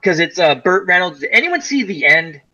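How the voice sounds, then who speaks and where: A man's voice: sits high, brisk, lo-fi sound, background noise. A man co-hosting a casual chat show, rambling through stories about movies. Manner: rambling, animated storyteller. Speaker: co-host.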